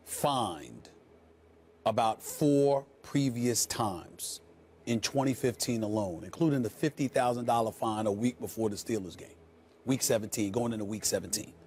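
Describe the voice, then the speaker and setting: A man ranting loudly and sarcastically as a commentator in a heated sports debate. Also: mid-range voice, a little slow, slight background noise. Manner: loud, sarcastic, emphatic ranting.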